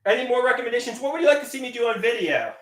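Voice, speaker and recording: A man's voice: extremely high pitch, expressive, racing, distant mic. Goofy man rambling in an echoey room. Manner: goofy, self-mocking, bursts into shouted singing. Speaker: livestreamer. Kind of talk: rambling live stream chat with silly singing. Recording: echoey room, voice set back from the mic.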